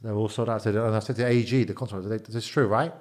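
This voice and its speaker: Man telling stories, animated. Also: lowish voice, rapid-fire. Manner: animated, repeats words, quotes people in dialogue. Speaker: interview guest, former bodyguard. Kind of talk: casual storytelling.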